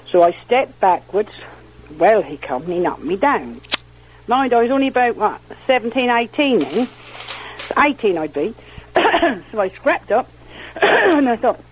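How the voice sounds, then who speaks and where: Older husky countrywoman telling stories. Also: mid-range voice, dull audio. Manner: rambling, repeats "well, anyhow", quotes others in lively voices. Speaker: interviewee. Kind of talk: oral history storytelling.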